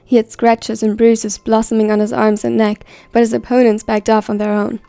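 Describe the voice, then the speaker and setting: A woman reading a story aloud in a steady, even scripted narration. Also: a little high, moderate pace, vocal fry, no echo. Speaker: fan fiction reader.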